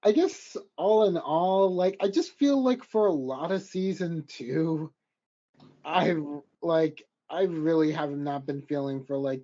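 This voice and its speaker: A man's voice: fairly high pitch, dark tone, highs cut off. A man co-hosting a casual animation podcast, talking hesitantly with many fillers. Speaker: podcast co-host.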